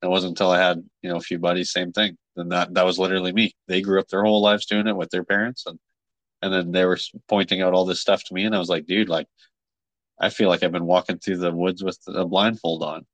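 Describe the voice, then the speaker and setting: A man hosting a podcast, talking in a relaxed, rambling way with many fillers. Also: low voice, fast, no room sound, rough recording. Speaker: podcast host. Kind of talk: casual chat.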